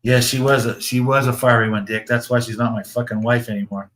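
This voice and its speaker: A man's voice: medium pitch, flat delivery, fairly quick, a bit bright, slight background noise. A man hosting a casual livestream, chatting about his model builds in a rambling way, with swearing and chuckles. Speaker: slot car builder and show host.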